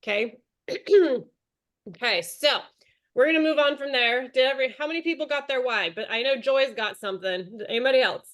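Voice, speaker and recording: A woman in her thirties runs a video-call training session, chatty and encouraging as she calls on her team by name. Her voice sits a little on the high side. She talks in a friendly coaching tone. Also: moderate pace, fairly bright tone. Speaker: direct sales team leader.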